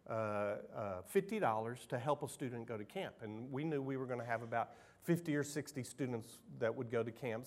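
A middle-aged man, preaching a sermon as pastor in an emotional, conversational storytelling way. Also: mid-range voice.

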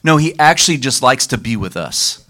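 A man preaching a sermon as pastor, leading the congregation in call-and-response and slowing down for emphasis. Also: mid-range voice, big pitch swings, sharp tone. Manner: leads the congregation in call-and-response, varies his pace for emphasis.

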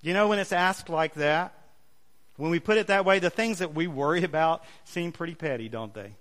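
A male pastor preaching a sermon, leading the congregation in call-and-response with emphatic, drawn-out phrases. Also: on the high side, a bit bright. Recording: long hall reverb.

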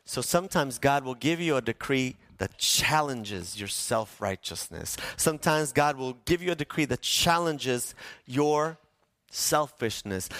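Animated male pastor preaching. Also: fairly high pitch, dry recording. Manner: animated, acts out quoted voices, asks the congregation questions. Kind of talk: sermon. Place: church sanctuary.

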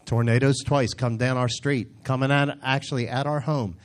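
A man's voice: mid-range voice, fairly even intonation, normal speed. A man preaching in a conversational way, telling stories with emphatic bursts.

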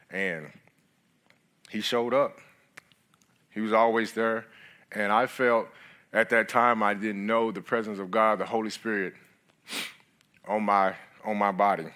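A middle-aged man, a guest speaker, telling his story in a sermon in an earnest, halting way with many restarts. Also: lowish voice, steady tone, pushed and bright. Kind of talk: sermon testimony.

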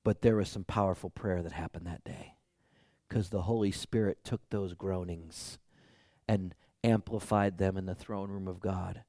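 A man's voice: sits low, steady tone, normal speed, mellow, dry recording, clean studio sound. A male pastor preaching a sermon, telling stories animatedly with a voice that climbs when he gets worked up.

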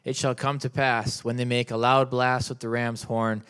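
Man with a mid-pitched voice reading scripture, measured and even. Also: clean tone. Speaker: congregation member reading scripture.

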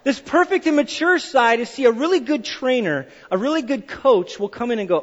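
Male preacher with a high voice, lively storytelling sermon, dull recording in a reverberant hall. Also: a little fast. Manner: animated storytelling, acts out quoted voices. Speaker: pastor.

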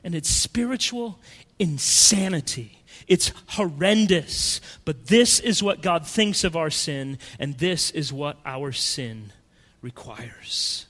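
A man preaching a sermon in a dramatic, emphatic way, swinging between loud and hushed. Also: on the high side, animated, slow, long reverb tail.

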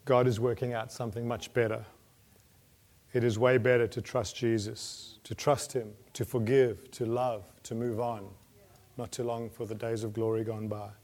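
A male preacher delivers a sermon in an ordinary mid-range voice. He speaks earnestly, pushing some phrases with force and letting others fall quiet. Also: mid-range voice, little pitch movement, normal speed. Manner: earnest, rising to emphatic peaks then dropping soft.

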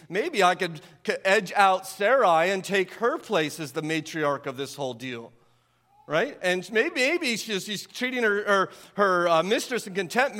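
High-voiced man preaching in a reverberant hall. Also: fairly bright tone. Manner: conversational preaching with frequent rhetorical "right?". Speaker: pastor. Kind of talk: sermon.

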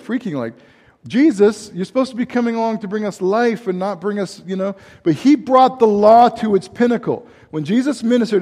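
A man preaching a sermon in a rambling, animated way, breaking off into asides and laughing at himself. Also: sits high. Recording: hall reverb.

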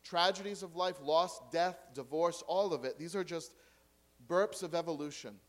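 Man preaching a lively sermon. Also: a little high, normal speed. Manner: lively preaching, dropping to quiet asides and rhetorical questions. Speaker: pastor.

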